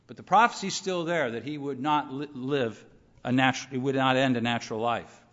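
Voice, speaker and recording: A middle-aged man preaching a sermon in a conversational, measured way, asking rhetorical questions. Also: medium pitch, a bit bright. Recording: muffled sound in a reverberant hall.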